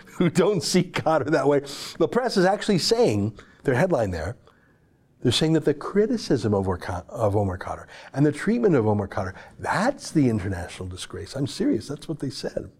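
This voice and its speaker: A man's voice: medium pitch, darkish tone. A man hosting an opinion commentary show, delivering a sarcastic, emphatic, heated monologue.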